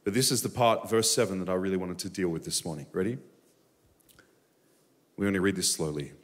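A man preaching a live Sunday sermon in a church, moving between personal stories and emphatic high bursts. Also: animated, brisk. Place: church sanctuary during a live service.

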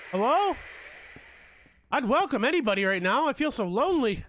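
A man's voice: very high voice, very animated, normal speed, fairly bright tone, no echo. A man commentating a horror game as he plays, jumpy and swearing a lot, joking through his fear. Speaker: let's play gamer.

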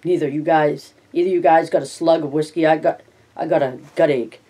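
A man's voice: fairly high pitch, steady tone, fairly quick, mellow, husky, distant mic. A man voicing a weary old ranch swamper who speaks in plaintive, complaining phrases in a read-aloud story.

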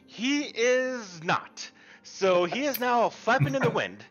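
High, animated male game master. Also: muffled recording, soft background music. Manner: relaxed, halting description with fillers. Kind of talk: narrating a tabletop game.

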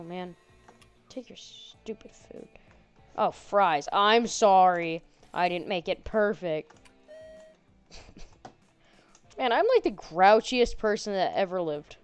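Woman gamer with a smooth, clear voice, playing a spooky burger game, sarcastic, jokes at the characters. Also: mid-range voice. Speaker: gaming channel host. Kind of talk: horror game let's play commentary.

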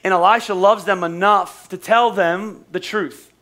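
Man, pastor, sermon, very high voice, bright tone, chatty with jokes. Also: steady tone, unhurried. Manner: conversational preaching with acted quotes and humor.

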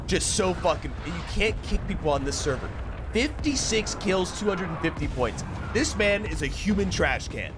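Excitable man commentating gameplay over gunfire. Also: a little high, slight background noise. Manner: excitable, swearing, jokey, big swings between yelling and mumbling. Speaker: gaming YouTuber. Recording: game gunfire and explosions behind the voice.

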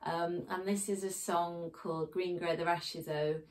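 A middle-aged woman from England teaching a song in a chatty way, often pausing with ums and uhs. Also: on the low side, fairly even intonation. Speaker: singing teacher. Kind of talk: casual spoken singing lesson. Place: home in a village.

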